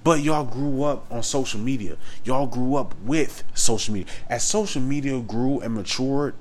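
A man's voice: mid-range voice, moderate pace, slight background noise. A man delivering a heated, repetitive rant straight to the listener, hammering the same phrases over and over and swearing as he goes. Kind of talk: ranting monologue to camera.

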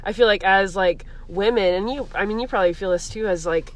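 A woman's voice: mid-range voice, a little fast. Young woman, stand-up comic, giggly, rambling, casual podcast chat. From Columbus, Ohio area. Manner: giggly, rambling, heavy use of "like". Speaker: guest comedian.

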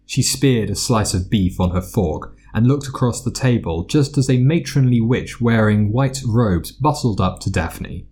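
A man narrating a story aloud, expressive and doing voices for the characters. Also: on the low side, unhurried, hardly any pauses, husky. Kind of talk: fan fiction reading.

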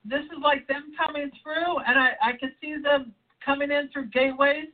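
A woman's voice: high-pitched, fairly even intonation, moderate pace. A woman who is a healer, talking earnestly and in a rambling way about spiritual matters. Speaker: healer and author, show regular. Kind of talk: spiritual healing chat. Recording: tinny phone line.

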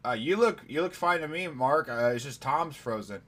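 A man's voice: fairly high pitch, lively intonation, moderate pace, a bit bright. A man hosting a casual podcast chat over a video call, teasing and swearing casually.

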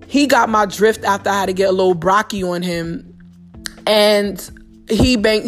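A young woman with a New York accent hosting a podcast, bluntly retelling a personal story in a casual, profane monologue full of slang. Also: mid-range voice. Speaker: podcast host.

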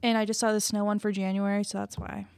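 A woman's voice: medium pitch, level tone, quick pace, creaky, darkish tone, smooth, no echo. A woman co-hosting a casual podcast who chats, teases and laughs easily. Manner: chatty, teasing, laughs easily. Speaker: podcast co-host, campus staff.

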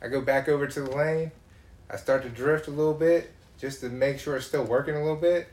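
A man in casual chat, telling profane, animated stories. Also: on the high side, fairly quick, reverberant.

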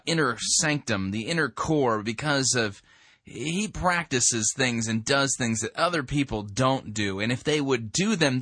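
A man's voice: mid-range voice, sharp tone, no room sound, studio quality. A man reviewing a sermon with sarcastic, dismissive commentary.

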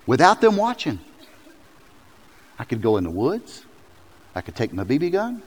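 A man preaching a sermon as pastor, telling stories with lively, acted-out quotes. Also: medium pitch, moderate pace, husky. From South Carolina. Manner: animated storytelling, jumps into loud acted quotes. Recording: long hall reverb.

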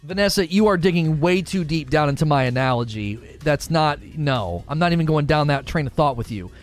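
A man's voice: a little high, lively intonation, brisk, soft background music. A man arguing and talking through a live stream, full of rhetorical questions.

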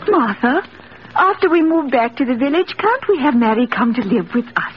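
An actress playing a timid, gentle elderly woman in a 1940s-style radio drama, breathless with fluttering exclamations. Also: sits high, big pitch swings, moderate pace, husky, heavily acted. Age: older. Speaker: elderly spinster sister. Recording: dull old radio broadcast with hiss.

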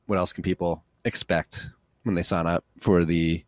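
Low dude hosting a podcast, dry close sound, jokey and chill. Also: male voice, moderate pace, dry recording. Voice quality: relaxed, jokey, calls listeners freaks. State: a little tired after a workout. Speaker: podcast host. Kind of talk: casual chat.

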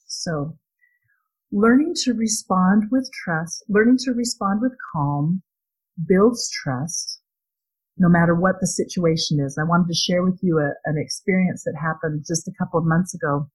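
Middle-aged woman, husky breathy voice, low-pitched, earnest and gentle devotional talk. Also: low-quality recording. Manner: earnest and gentle, with small laughs and restarts. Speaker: speaker sharing a faith-based parenting talk.

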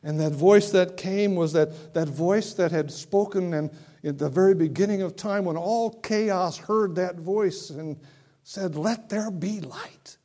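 A man preaching a sermon, dramatic and swinging from loud to hushed, often repeating words. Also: sits high, measured pace.

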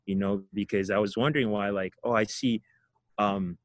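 A man's voice: fairly low pitch, steady tone, normal speed, dry recording. Reflective young man from Ghana, dry sound. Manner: reflective, laughs often, repeats words. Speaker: guest. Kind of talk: casual storytelling interview.

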